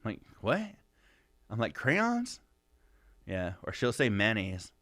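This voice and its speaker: A man's voice: fairly low pitch, moderate pace, a bit bright, no echo, studio quality. A young adult man co-hosting a podcast, rambling through stories, laughing often and swearing freely. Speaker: podcast co-host. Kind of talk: casual profane chat.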